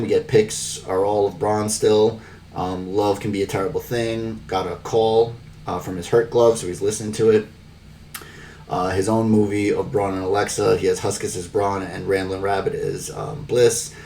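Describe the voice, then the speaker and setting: A man's voice: fairly low pitch, steady tone, moderate pace, a little mellow, recorded from a distance, a little hiss or hum. A man hosting a podcast, recapping the week's wrestling in a rambling, wry way full of fillers. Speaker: podcast host.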